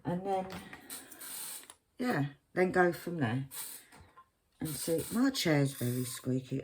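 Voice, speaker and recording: Woman, slow unhurried talk, rambling casual chat, self-mocking, clear clicking behind her voice. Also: sits low, animated, a little hiss or hum. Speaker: crafting vlogger. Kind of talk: casual chat while crafting. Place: at home, at her craft desk.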